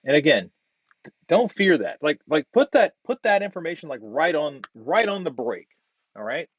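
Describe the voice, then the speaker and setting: A design instructor gives casual feedback on a student project during a screen share, thinking aloud with plenty of fillers and restarts as he works on screen. His fairly high voice is very animated at normal speed, and the recording is dry and dull.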